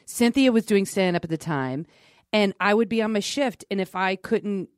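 A woman comedian chatting casually, telling stories of her early days with excitable energy. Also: mid-range voice, moderate pace, no room sound, studio quality. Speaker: comedian guest. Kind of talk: casual chat.

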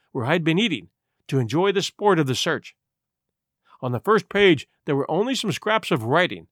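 Expressive male audiobook narrator, dry close-miked read, lively melodic delivery. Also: high-pitched, dry recording. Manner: expressive, animated storytelling.

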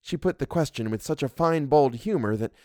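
A man reads a classic ghost story in a measured, expressive manner. His voice sits at a middle pitch and moves lively up and down. The sound is dry and close, with no room echo. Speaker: reader. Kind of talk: audiobook reading of a classic story.

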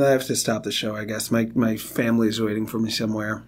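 A man co-hosting a casual comedy chat, grumbling in a gloomy, deadpan way. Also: fairly low pitch, quick pace. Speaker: podcast co-host.

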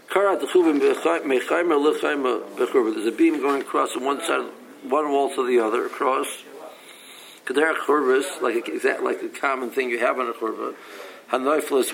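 Gravelly man teaching Talmud. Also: mid-range voice, fairly bright tone, poor audio. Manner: reads Aramaic text then explains in English, with frequent restarts. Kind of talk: casual Talmud class, reading and explaining.

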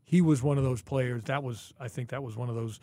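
A man in his sixties, a former football player, co-hosting a podcast and swapping old team stories in an animated, chatty way. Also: medium pitch, brisk, dry recording. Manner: reminiscing, animated, with asides. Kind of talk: casual storytelling chat.

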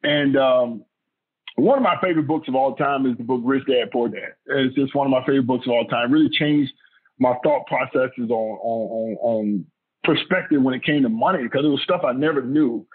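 Speaking at a normal speed in a husky mid-range voice, a middle-aged man who once played football recounts a family story during an interview. He is emphatic and repeats himself, and the audio sounds tinny, like a phone.

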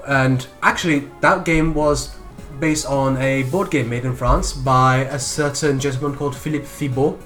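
A man's voice: medium pitch, steady tone, measured pace, a bit bright, soft background music. A man co-hosting a casual podcast, enthusiastically explaining history and strategy games at length, with the odd swear word. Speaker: podcast co-host.

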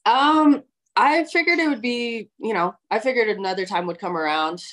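A woman guest in a casual interview, relaxed and easygoing with many fillers. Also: on the high side, normal speed, slight background noise. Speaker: guest athlete.

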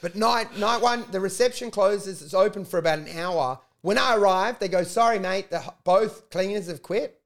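A man's voice: sits high, moderate pace, hardly any pauses. A man telling a rambling story in casual chat, swearing a lot and acting out what people said. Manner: profane, animated storytelling with acted-out quotes. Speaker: comedian.

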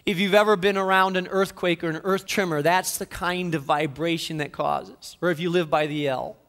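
A man preaching a dramatic sermon, swinging from soft passages to loud declarations. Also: fairly high pitch, fairly even intonation, normal speed, in a large hall. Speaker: pastor.

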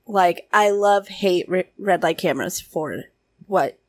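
A woman's voice: lowish voice, unhurried, no room sound. A woman, a comedian visiting as a guest, chatting and telling stories in a casual talk. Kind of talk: casual chat.

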